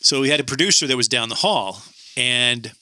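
A man hosting a casual talk show, telling a story in an animated way and acting out the phone voices. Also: medium pitch, brisk, no room sound, clean studio sound.

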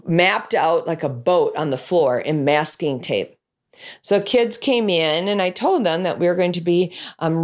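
Woman storyteller, children's Bible class teacher, lively swooping pitch, acts out voices and sound effects. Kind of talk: storytelling to an audience.

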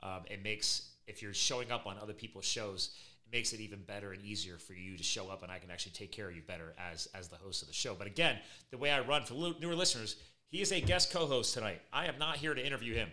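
A middle-aged man hosts a podcast in an easygoing, conversational way. He talks quickly, and his voice is bright and forceful. His stories come out animated and full of laughter. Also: lowish voice. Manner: energetic, animated storytelling with laughs. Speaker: podcast host. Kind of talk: casual podcast chat.

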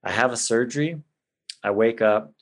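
A middle-aged man with a mid-range voice, speaking at normal speed, is a podcast guest telling an emotional personal story. He's casual and heartfelt, saying "man" and "bro" a lot.

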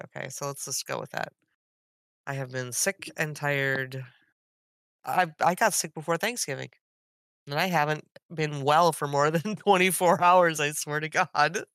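A woman in her thirties co-hosts a gaming podcast, her voice hoarse from illness yet bright and forward. She talks in an animated, laughing, tangent-hopping way. The sound is dry and close. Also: deep voice, moderate pace, no room sound. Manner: animated, laughs often, jumps between topics. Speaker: podcast co-host. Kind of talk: casual chat.

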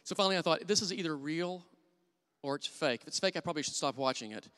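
A middle-aged man preaches with earnest warmth of conviction, telling stories from his own life. His voice is smooth and resonant, and it carries through a church hall with a long reverb tail. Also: a little high, animated, fast. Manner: earnest storytelling, drops to hushed voice for quoted thoughts. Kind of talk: sermon with personal stories.

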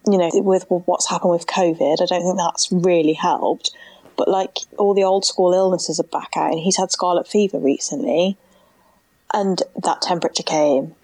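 A woman's voice: fairly low pitch, fairly even intonation, normal speed, darkish tone, no echo. A young woman, telling her personal story in an interview in an earnest, heartfelt way, with many "like" fillers. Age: young adult. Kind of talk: emotional personal account.

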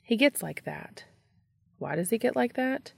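A woman reading a story aloud in a steady, even narration. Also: fairly high pitch, measured pace, creaky, no room sound. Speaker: reader. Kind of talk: audiobook-style story reading.

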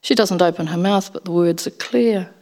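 A woman narrating a first-person story as an audiobook, in an expressive storytelling manner. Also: on the low side, moderate pace.

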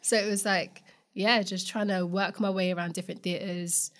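A woman's voice: on the low side, flat delivery, moderate pace, fairly bright tone. Chatty woman. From London. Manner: chatty and candid, lots of "like". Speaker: playwright guest. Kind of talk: casual interview chat.

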